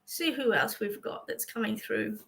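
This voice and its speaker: A woman's voice: medium pitch, normal speed, gravelly, a bit bright, rough recording. An Australian woman, a psychic medium, chatting through a livestream reading for viewers with many fillers and a reassuring manner.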